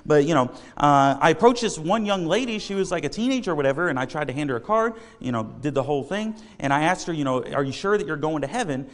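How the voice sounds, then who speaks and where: A man's voice: a little high, lively intonation, fast talker, hardly any pauses, long reverb tail. A man preaching a sermon, telling a story in a casual, rambling way with many fillers.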